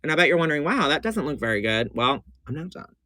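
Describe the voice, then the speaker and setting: A man's voice: on the high side, big pitch swings, fast, sharp tone, no echo, studio quality. A man who performs in drag, giving a campy, chatty makeup tutorial on a livestream and calling his viewers honey and baby. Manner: gushing and repetitive.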